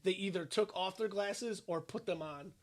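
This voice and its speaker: A man co-hosting a podcast in casual chat, blunt and quick to argue, swearing freely. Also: high voice. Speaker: podcast co-host.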